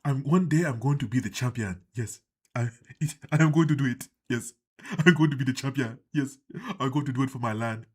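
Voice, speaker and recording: A man's voice: mid-range voice, brisk, slightly rough, pitched below the performer's own voice, natural voice. A man hamming up a pompous boasting wrestler. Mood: boastful. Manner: pompous, declaiming. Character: boastful grandiose male wrestler.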